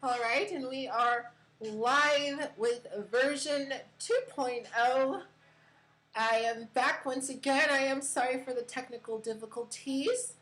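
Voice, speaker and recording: A woman's voice: sits high, slow, fairly bright tone, poor audio. A woman hosting a casual crypto live stream from her computer, chatty with many fillers and giggles.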